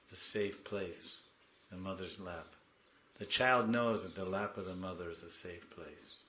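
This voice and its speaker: A man giving a devotional class, moving between soft storytelling and loud, pleading prayers. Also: low-pitched, reverberant, muffled recording, slight background noise.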